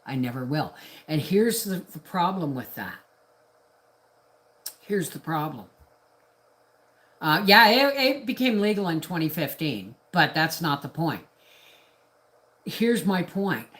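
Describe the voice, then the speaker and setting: Indignant rambling woman, lowish voice. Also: animated, slow, pauses often, a bit bright. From Canada. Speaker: homestead vlogger on a live stream. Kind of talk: casual ranting monologue.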